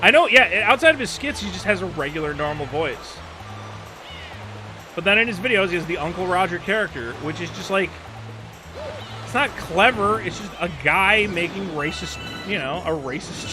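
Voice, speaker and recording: Man, fairly high voice, casual gameplay chat, rambling, swears a lot, game music playing clearly underneath. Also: lively intonation. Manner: rambling, profane, quick asides and laughs. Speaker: streamer playing a video game.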